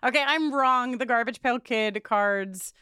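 A woman's voice: on the high side, measured pace, sharp tone, smooth, dry recording, studio quality. A woman co-hosting a podcast, chatting casually about a TV episode, laughing often and swearing freely. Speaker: podcast co-host. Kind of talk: casual chat recapping a TV episode.

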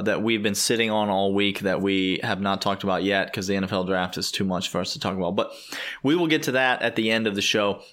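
A man's voice: fairly low pitch, fairly bright tone. A man hosting a sports podcast in casual chat, upbeat and playful, and he laughs often. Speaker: podcast host.

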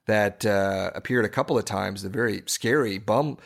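A man's voice: fairly low pitch, moderate pace, vocal fry. Man rambling in casual chat. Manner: rambling, many restarts and fillers. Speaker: podcast co-host.

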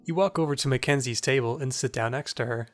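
A man's voice: medium pitch, quick pace, faint music behind. A man narrating as game master of a tabletop role-playing game, in a plain, matter-of-fact way.

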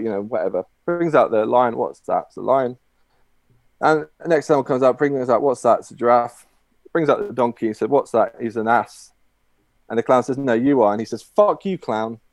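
A man's voice: mid-range voice, darkish tone, dry recording. Male guest, rambling storyteller, lots of fillers, dry recording. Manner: rambling, many fillers and restarts. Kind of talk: telling a long shaggy dog joke.

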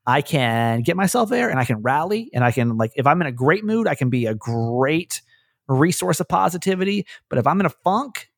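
A man hosting a podcast, talking in a rambling, self-deprecating way and telling animated stories. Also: on the high side, a little fast, gravelly, no echo, clean studio sound. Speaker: podcast host. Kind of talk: casual podcast chat.

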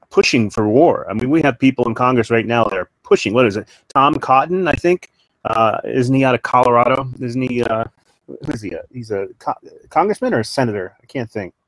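Halting, emphatic man in dry sound. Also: mid-range voice, no room sound, low-quality recording. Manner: halting, many restarts and fillers; emphatic, repeats points. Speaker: interview guest. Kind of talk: casual political talk.

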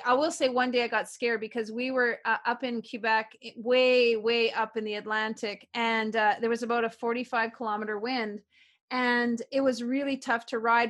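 A middle-aged woman from Canada talks on a remote interview with a fairly high, bright-sounding pitch. She tells her stories in an animated, upbeat way and keeps circling back to repeated affirmations. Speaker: guest, author and publisher. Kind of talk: casual interview chat.

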